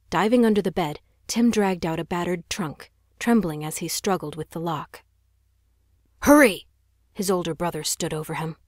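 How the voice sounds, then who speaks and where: A woman's voice: fairly low pitch, darkish tone, no room sound, studio quality. A woman narrating a young adult audiobook in a tense, dramatic storytelling manner. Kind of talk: scripted narration.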